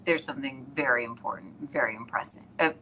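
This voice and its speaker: A woman hosting a casual live stream from her iPad, telling stories in an excitable, rambling way and laughing often. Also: extremely low pitch, fast, a little hiss or hum.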